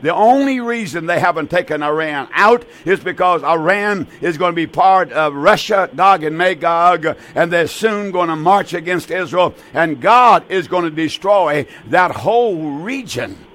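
A man's voice: on the high side, lively intonation, unhurried, few pauses, fairly bright tone. A man in his eighties hosting a call-in radio program, preaching earnestly with many restarts and repeated words. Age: 80s.

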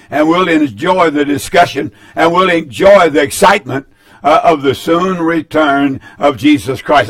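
A man's voice: on the high side, fairly bright tone. A man, a pastor giving a broadcast sermon in a folksy, emphatic way, repeating phrases for weight. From North Carolina, US. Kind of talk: broadcast sermon with call-in announcements.

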